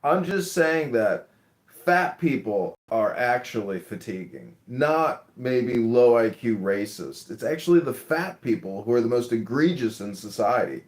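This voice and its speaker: A man's voice: mid-range voice, big pitch swings, unhurried. Mocking man hosting a call-in stream. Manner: mocking, provocative teasing. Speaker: livestream host. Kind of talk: casual call-in chat.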